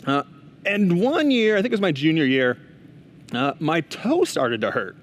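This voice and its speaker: A man's voice: on the high side, sing-song, normal speed. A young man giving a casual chapel talk to students, telling a story in a chatty way with frequent asides and restarts. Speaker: school chapel speaker.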